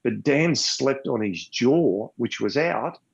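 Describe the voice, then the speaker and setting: Gravelly older Australian man, lo-fi. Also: medium pitch, expressive, slow pace. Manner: rambling, repeats words, gets emotional. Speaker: podcast guest, triathlete. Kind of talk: casual storytelling. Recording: dull lo-fi sound.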